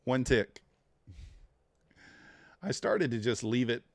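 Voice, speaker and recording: A man's voice: mid-range voice, lively intonation, slow pace, dry recording, clean studio sound. A man trading futures live on a stream, talking to himself and to the chat, groaning at each loss and muttering over the charts. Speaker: live-streaming day trader.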